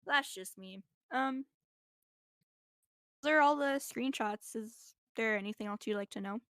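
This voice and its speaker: A woman's voice: a little high, measured pace, fairly bright tone, dry recording. Young woman, casual interviewee, rambly with constant "like", laptop mic, dry sound. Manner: rambling, heavy use of "like". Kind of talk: casual chat. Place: indoors while traveling.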